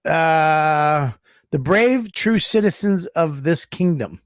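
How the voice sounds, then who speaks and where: A man's voice: fairly high pitch, animated, slow, no room sound, clean studio sound. A man co-hosting a casual comedy podcast, loose and profane, with laughing asides. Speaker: podcast co-host.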